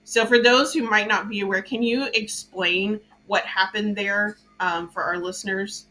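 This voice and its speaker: A woman from Louisiana leads a casual political talk show with a bright, forceful voice. She is animated and chatty and laughs easily at her own quips. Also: medium pitch, moderate pace, a little hiss or hum, poor audio. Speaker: podcast host.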